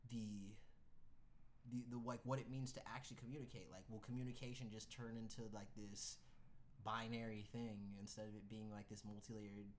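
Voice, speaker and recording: A young man co-hosting a casual chat, talking loudly and rambling with lots of fillers. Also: lowish voice, flat delivery, fairly quick, slight background noise. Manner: loud, rambling, filler-heavy. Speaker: podcast co-host.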